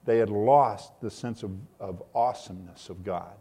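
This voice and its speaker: A man's voice: lowish voice, moderate pace, warm tone, husky. Man preaching a sermon. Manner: preaching with rising emphasis, reads scripture aloud. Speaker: pastor.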